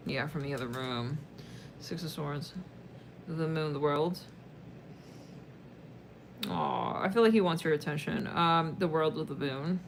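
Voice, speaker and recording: A woman's voice: deep voice, gravelly, slight background noise. A woman doing a casual tarot reading for her viewers. She talks in a chatty, rambling way, with lots of fillers and sudden laughs. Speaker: tarot reader.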